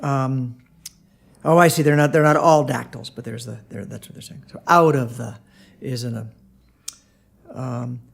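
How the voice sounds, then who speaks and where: A man giving a casual video lesson on songwriting, halting with many fillers and sounding out rhythms as syllables. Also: mid-range voice, flat delivery, vocal fry. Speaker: songwriting teacher.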